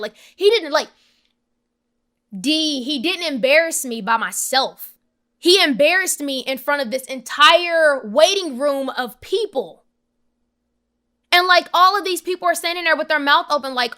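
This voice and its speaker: A young woman with a high, bright voice tells a painful personal story as a podcast guest. She is animated and emphatic and acts out the voices of others as she goes. Her tone is crisp and vivid throughout. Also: normal speed.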